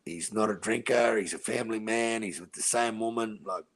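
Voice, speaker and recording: Crude, blunt Aussie bloke, gravelly. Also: male voice, fairly low pitch, moderate pace, a bit bright. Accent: Australian. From Australia. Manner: blunt, crude and profane, says "mate" a lot. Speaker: podcast host. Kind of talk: casual chat.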